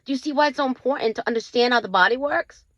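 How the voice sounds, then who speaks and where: A woman's voice: a little high, rapid-fire, no room sound. Emphatic woman host, dull lo-fi audio. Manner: emphatic, asks rhetorical questions. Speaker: channel host. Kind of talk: casual health talk to camera.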